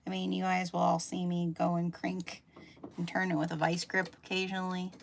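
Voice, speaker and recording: Middle-aged woman, Pennsylvania Dutch accent, chatty sewing teacher; husky low voice, noisy background. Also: monotone, fairly quick. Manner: chatty, thinking aloud while sewing. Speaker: sewing instructor. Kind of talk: live sew-along tutorial. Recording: noisy room with machine clicks.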